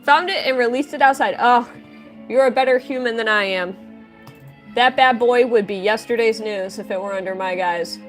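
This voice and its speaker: A woman's voice: fairly high pitch, normal speed, faint music behind. A woman chatting casually on a livestream, greeting viewers by name while she draws. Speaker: livestreaming artist.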